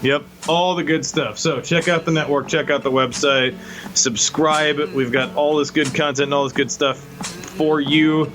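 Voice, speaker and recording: A man's voice: a little high, fairly even intonation, a little slow, fairly bright tone, slight background noise, low-quality recording. A man hosting a casual sports podcast, wrapping up with wry, upbeat patter. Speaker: podcast host.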